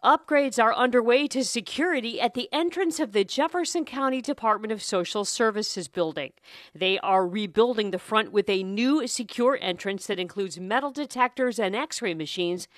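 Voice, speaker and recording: A woman reading a local radio news bulletin in a steady, measured way. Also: fairly high pitch, dry recording, studio quality. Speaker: newsreader.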